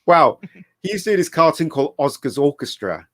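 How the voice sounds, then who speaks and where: A man's voice: a little high, big pitch swings, fairly quick, fairly bright tone, no echo, studio quality. Chatty middle-aged man telling stories. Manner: rambling anecdotes with restarts. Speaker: guest. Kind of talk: casual chat.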